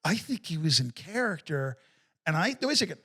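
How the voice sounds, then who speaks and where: A man's voice: a little high, big pitch swings, fairly quick, pushed and bright, husky. A man hosting a podcast, chatting casually and eagerly jumping in with his own take. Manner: eager, interjecting, laughing along. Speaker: podcast host. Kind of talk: casual interview chat.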